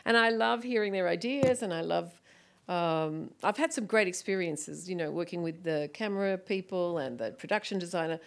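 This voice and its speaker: A middle-aged woman, a film director, telling lively anecdotes on stage and often acting out other people's voices with laughter. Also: lowish voice, moderate pace, creaky. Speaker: guest author and film director. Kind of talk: stage conversation, anecdotal storytelling.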